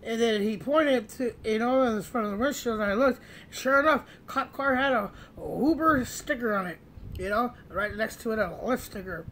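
A man's voice: very high-pitched, normal speed, fairly bright tone, a little hiss or hum. A man telling a comic anecdote in a rambling way, with many restarts and fillers. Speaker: storyteller.

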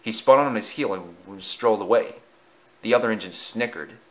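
A man narrating a children's railway story in a lively, expressive reading. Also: on the low side, normal speed.

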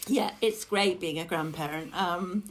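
An older woman, a guest on a podcast interview, talking in a hesitant, reflective way with pauses and restarts. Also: fairly low pitch. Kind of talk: casual conversation.

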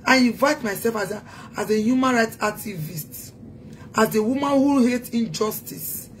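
A woman's voice: a little high, moderate pace, a little hiss or hum. A woman with a Nigerian accent delivering a heated, taunting social media rant as a self-styled activist. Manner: taunting, scolding, emphatic.

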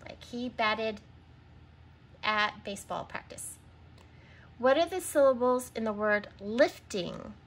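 A woman's voice: fairly high pitch, expressive, takes it slowly, long pauses. A woman teaching a recorded reading lesson to young children, sounding out words, spelling them letter by letter and patiently prompting answers.

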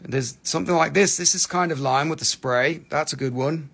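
Gravelly chatty man selling minerals. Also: fairly high pitch, normal speed, a bit bright. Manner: chatty, rambling, puts on crazy accents. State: tired after hours live. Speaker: live-stream mineral seller. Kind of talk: casual live sales chat.

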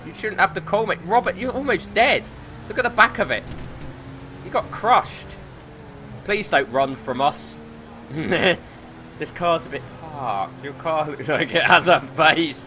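A man with a British accent commentating on his gameplay, excitable, swearing a lot and laughing often. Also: fairly high pitch, unhurried, slight background noise. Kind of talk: casual let's play commentary.

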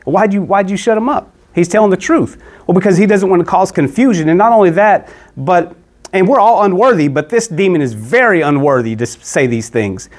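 Guy teaching bible stuff, kinda high voice, chatty, keeps restarting sentences. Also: animated, brisk. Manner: conversational, repeats words and restarts, acts out quoted voices.

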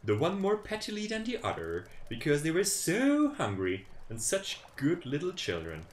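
A young man reads a folk tale aloud in a casual, joking way, tossing in sarcastic asides. His pitch swings widely and sits a bit high. The sound is roomy with a faint hum behind. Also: wildly swooping pitch, moderate pace. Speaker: streamer reading a story. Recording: roomy echo with faint ambience.

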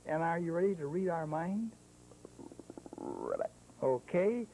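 A man's voice: a little high, slow pace, mellow, low-quality recording. A man hosting a 1970s children's TV show as a clown, playfully coaxing the kids and chatting with a puppet sidekick. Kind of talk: 1970s kids' TV show patter. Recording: old broadcast archive, faint hiss.

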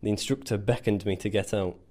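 A man's voice: on the low side, fairly even intonation, a little fast, warm tone. A man narrating a scripted first-person story in a dry, self-mocking way. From England. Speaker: volunteer soldier.

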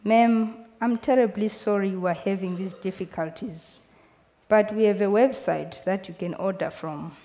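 A woman's voice: mid-range voice, fairly even intonation, normal speed, mellow, lightly acted. A woman voicing a bored young female phone clerk who stays politely apologetic, in a reverberant live hall. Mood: polite, weary. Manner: polite, apologetic customer-service tone.

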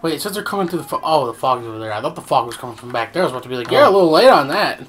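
A man co-hosting a game playthrough, cracking quick jokes and doing silly voices. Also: medium pitch, animated, heavy background noise. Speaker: gameplay co-host. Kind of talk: casual gaming banter.

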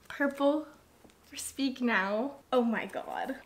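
A young woman vlogging an unboxing, gushing and excitable, with lots of "like" in her talk. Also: on the high side, a little slow. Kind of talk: casual unboxing chat.

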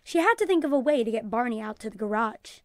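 A woman teacher reading a children's book aloud, clear and deliberate, then asking class questions. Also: on the high side, animated, dry recording. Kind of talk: children's read-aloud lesson.

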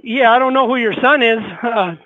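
A man's voice: very high voice, a little fast, no echo. A man working as a store clerk, answering a phone call politely and sounding puzzled. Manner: polite, puzzled, nervous laughs. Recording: tinny phone line.

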